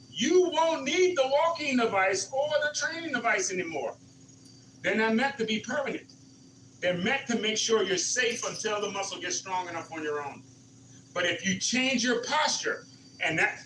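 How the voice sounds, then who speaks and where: A man coaches a seniors exercise class, counting out reps and encouraging each effort. His voice sits high and bright. He is picked up from across an echoey community room with faint background noise. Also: recorded from a distance. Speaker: senior fitness instructor. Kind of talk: live exercise class instruction.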